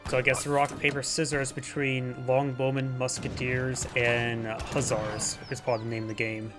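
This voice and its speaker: A man's voice: medium pitch, little pitch movement, normal speed. Man casting a strategy game over music. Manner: casual, chatty play-by-play with fillers. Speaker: game caster. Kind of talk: play-by-play game commentary.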